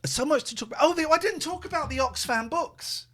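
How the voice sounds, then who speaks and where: A man's voice: very high-pitched, fairly quick, fairly bright tone. A man hosting a podcast, telling exasperated, rambling anecdotes in casual chat. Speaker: podcast host.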